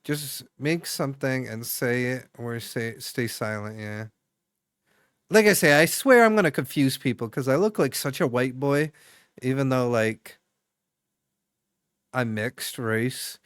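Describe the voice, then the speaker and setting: A man's voice: mid-range voice, a little slow, a bit bright, clear, resonant tone, no echo. A young adult man streaming, chatting casually with viewers in a rambling way full of fillers and restarts.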